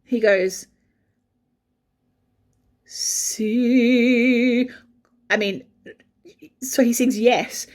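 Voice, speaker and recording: A woman, an opera singer, telling a backstage anecdote in an animated way and breaking into sung phrases. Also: medium pitch, slow, long pauses, slightly rough. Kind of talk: storytelling anecdote.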